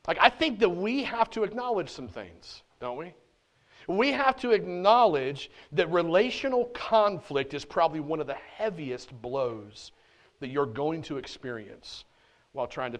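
A man preaching a sermon in church, animated and conversational, with casual slang. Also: high voice. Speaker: pastor.

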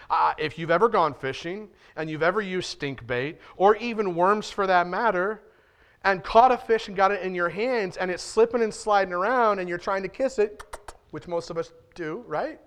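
A man's voice: high voice, fairly bright tone. A man preaching a sermon as pastor in a church, talking directly to his listeners and often asking rhetorical questions.

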